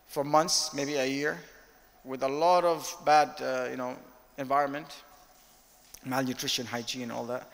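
A man giving an interactive leadership lecture, talking candidly and telling animated stories with direct questions to the audience. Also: a little high. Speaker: guest speaker, company director. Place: lecture hall, filmed. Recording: long hall reverb.

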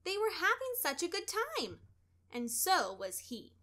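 A woman reading a children's story aloud in an expressive, deliberate storytelling manner. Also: very high-pitched. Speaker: storybook reader.

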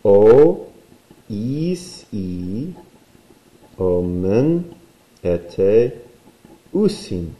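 A man's voice: fairly low pitch, very animated, very slow, pauses often, warm tone, echoey room, low-quality recording. A man teaching a recorded language lesson, playful and explaining while he draws.

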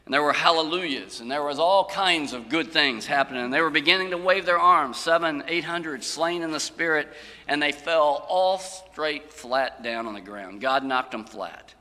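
A boastful, excited TV preacher, quick and bright, as a pastor puts him on in a reverberant sanctuary. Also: male voice, on the high side. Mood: hyped. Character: hyped male TV preacher, boastful. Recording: long church-hall reverb.

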